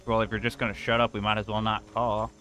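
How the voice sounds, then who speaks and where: A man's voice: on the low side, flat delivery, fast, sharp tone, slight background noise. A man streaming a game, chatting casually and teasing his co-host with dry remarks. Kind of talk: casual chat while gaming.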